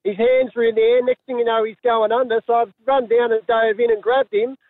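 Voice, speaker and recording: A man's voice: extremely high pitch, level tone, a little fast, no echo. A man calling in to a radio show, telling a rambling story over the phone. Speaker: caller. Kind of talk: phone-in anecdote. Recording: tinny phone line.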